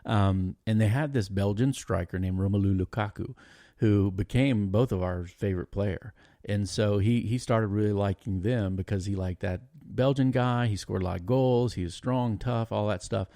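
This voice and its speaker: A middle-aged man on a podcast telling a story in an animated, laughing way, often stopping and starting again. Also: lowish voice, moderate pace, dry recording, studio quality. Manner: animated, laughing, trails off and restarts. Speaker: podcast guest. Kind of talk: casual storytelling chat.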